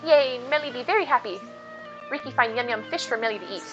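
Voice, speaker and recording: A woman's voice: fairly high pitch, animated, fast talker, lo-fi sound, music in the background, close to an everyday voice. A woman reading out a small, cheerful male creature from a game, talking in clipped baby-talk about himself. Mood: eager. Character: small round childlike male Nopon creature, cheerful, broken speech.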